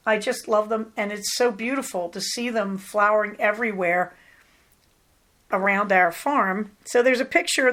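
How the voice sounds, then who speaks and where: A middle-aged woman hosts her podcast in a relaxed, rambling way, full of affection for what she talks about. Her voice sits at an ordinary pitch for a woman, neither high nor low. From Southern California. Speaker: podcast host. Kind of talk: casual chat.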